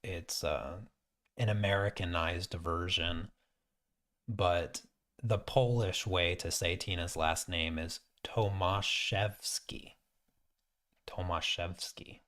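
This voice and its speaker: Slow, deep-voiced man chatting casually. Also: fairly bright tone. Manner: easygoing, thinks aloud with frequent restarts. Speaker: art teacher hosting a painting stream. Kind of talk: casual chat while painting.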